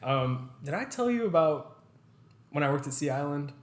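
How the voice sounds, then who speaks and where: A young man co-hosting a podcast, telling stories in a casual, animated way, swearing freely and acting out quotes. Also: on the high side, normal speed, a little hiss or hum. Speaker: podcast co-host. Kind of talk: casual storytelling chat. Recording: echoey room.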